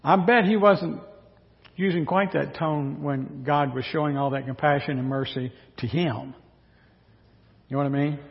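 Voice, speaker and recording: A man's voice: on the high side, fairly even intonation, moderate pace, creaky. A man preaching a sermon as pastor, in a conversational way, often asking his listeners rhetorical questions. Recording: dull recording with long hall reverb.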